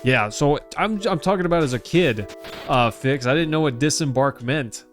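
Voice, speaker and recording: A man's voice: mid-range voice, normal speed, faint music behind. Chatty man live-streaming a game. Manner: chatty, addresses viewers as team and buddy. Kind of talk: casual live-stream chat.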